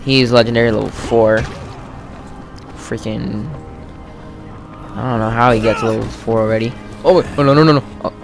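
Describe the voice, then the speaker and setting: Chatty gravelly-voiced man gaming. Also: mid-range voice, moderate pace, pauses often, loud music behind the voice. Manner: chatty, rambling, with frequent fillers and sudden excited yelps. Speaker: gamer playing co-op with a friend. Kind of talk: casual let's-play commentary.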